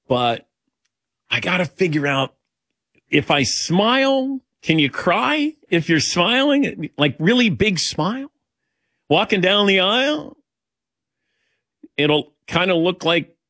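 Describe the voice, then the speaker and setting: Lively, animated male radio host. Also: high voice, dry recording, studio quality. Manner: animated, self-deprecating, rambling. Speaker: radio show host taking callers. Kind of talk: casual talk radio chat.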